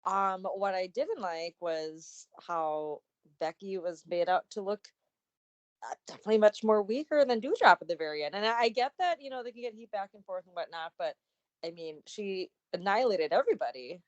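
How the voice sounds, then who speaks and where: A woman's voice: medium pitch, lively intonation, moderate pace, highs cut off. A woman co-hosting a casual wrestling podcast, hesitant and full of fillers. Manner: hesitant, filler-heavy, laughing asides. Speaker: podcast co-host.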